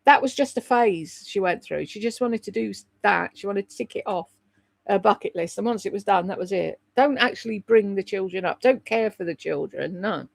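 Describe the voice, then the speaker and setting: On a livestream, a woman gossips bluntly in a casual chat, swearing freely and answering viewers' comments by name. Her mid-range voice has vocal fry and moves at a moderate pace, and the recording is dry.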